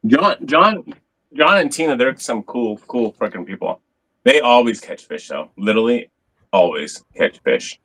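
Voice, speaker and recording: A man's voice: mid-range voice, lively intonation, a little slow, fairly bright tone, rough recording. A man hosting a casual fishing show, chatting loosely, swearing now and then, and showing off his rod and reel. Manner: laid-back, swears casually, shows gear on camera. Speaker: host. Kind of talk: casual fishing livestream chat.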